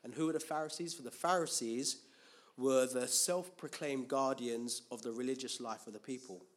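A man's voice: medium pitch, moderate pace. A man preaching a Bible teaching sermon, asking rhetorical questions and answering them himself, with frequent restarts and repeated words.

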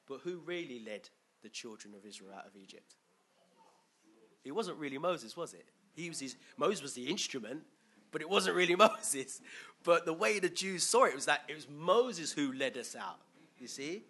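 Bright-voiced preacher. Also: male voice, fairly high pitch, lively intonation, moderate pace, pauses often, slightly rough. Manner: chatty, asks the crowd questions, chuckles often. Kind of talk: conversational sermon with questions to the congregation.

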